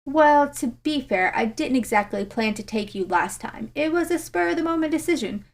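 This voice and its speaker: A woman's voice: high voice, expressive, normal speed, pitched above the performer's own voice. A woman voicing a cheeky, laid-back young man in a read-aloud story, joking in manner.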